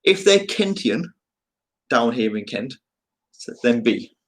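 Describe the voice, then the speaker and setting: A man from England with a Birmingham accent chats casually with his live-stream viewers, rambling and joking with lots of fillers. His medium-pitched voice is sing-song and slow, captured in a low-quality recording.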